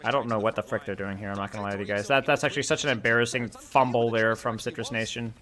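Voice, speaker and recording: A man's voice: fairly low pitch, fast talker. A young man co-streaming an esports match, joking with his chat and breaking down the plays in casual live-stream commentary. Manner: animated, joking, talks straight to chat.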